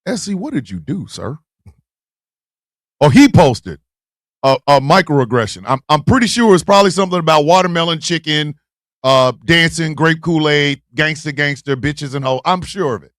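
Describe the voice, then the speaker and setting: A man hosting a live stream, ranting loudly and profanely, shouting and laughing, then dropping to a mutter. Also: on the high side, expressive, normal speed, no room sound, clean studio sound.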